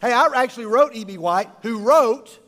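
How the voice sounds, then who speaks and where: A man's voice: very high-pitched, expressive, moderate pace, a bit bright. A middle-aged man speaking as a youth pastor, a jokey, rambling storyteller who laughs often at his own stories. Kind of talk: humorous talk to a live youth audience. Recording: long reverb of a large hall.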